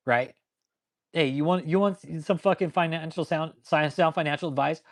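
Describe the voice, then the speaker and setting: Male channel host, raised pitch, profane angry rant to live chat. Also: big pitch swings, fairly quick. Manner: angry, swears constantly. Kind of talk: profane ranting commentary with live chat replies.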